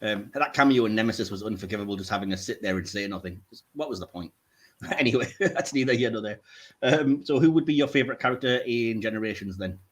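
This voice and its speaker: A man's voice: lowish voice, lively intonation, fast talker. Man, podcast host, casual chat, teasing, frequent laughter.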